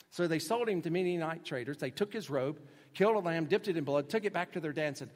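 A pastor preaching a sermon in a conversational way, rising to loud emphasis and dropping to soft, low asides. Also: male voice, animated, quick pace. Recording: long reverb of a large hall.

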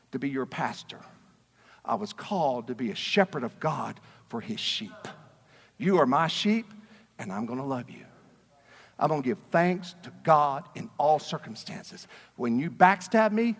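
A man preaching a sermon as a pastor, passionate and swinging between quiet talk and shouting. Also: medium pitch, big pitch swings, unhurried, long pauses, breathy edge, big-room sound. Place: church sanctuary.

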